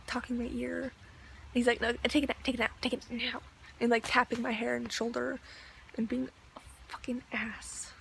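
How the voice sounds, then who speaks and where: Young woman venting about work, high voice with gravelly fry, says like a lot, bit of hiss behind. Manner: chatty, exasperated, lots of "like". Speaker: vlogger. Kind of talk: ranting video diary.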